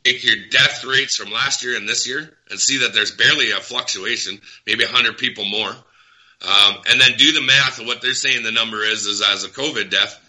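Agitated man with a bright, tense voice. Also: mid-range voice, fairly even intonation, normal speed, poor audio. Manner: agitated, emphatic, repeats points. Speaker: guest. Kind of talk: heated talk show rant.

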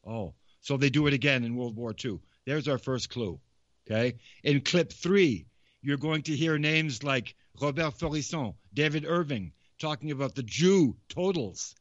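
A man's voice: mid-range voice, a little slow, dry recording. Rambling man in dry, muffled audio. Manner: rambling, repetitive, conversational. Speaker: podcast host. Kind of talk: casual commentary. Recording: slightly muffled, dry recording.

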